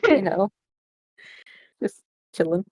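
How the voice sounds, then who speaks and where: A woman voicing a relaxed ghost in a tabletop game, with a put-on accent and a warbling fan effect on her voice. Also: mid-range voice, slow, breathy edge, no room sound, studio quality, full character voice. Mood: casual. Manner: put-on accent, laughing through lines. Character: laid-back ghost, calm and unbothered. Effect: warbly fan distortion.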